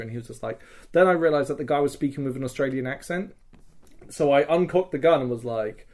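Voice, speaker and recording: A man's voice: medium pitch, brisk. A man hosting a podcast, casually recounting a live-action game weekend, laughing and swearing as he acts out quotes. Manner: lively storyteller, laughing, swearing, acting out quotes. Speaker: podcast host.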